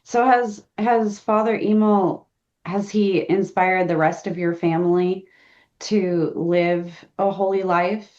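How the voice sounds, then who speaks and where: A woman interviewing a guest, asking measured questions and offering affirmations. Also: lowish voice, steady tone, darkish tone. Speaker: interviewer, editor. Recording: slightly dull lo-fi audio.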